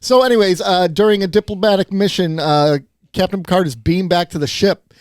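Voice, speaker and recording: A man's voice: sits high, brisk, no echo, clean studio sound. A man co-hosting a podcast, casually retelling a TV episode's plot and acting out the characters' lines as he goes. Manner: animated, acts out quoted lines in the retelling. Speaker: podcast co-host.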